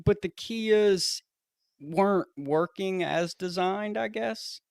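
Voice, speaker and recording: Smooth-voiced man explaining matter-of-factly. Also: high-pitched, slow, no echo, studio quality. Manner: matter-of-fact, explains things plainly, swears casually. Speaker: podcast co-host. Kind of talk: casual chat.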